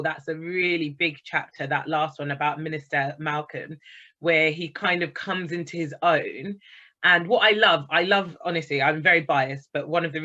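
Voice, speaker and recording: A woman's voice: low voice, sharp tone, dull audio. A woman speaking to an online book club over a video call, chatty and enthusiastic. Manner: enthusiastic, chatty, reads out comments. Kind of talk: online talk to a group.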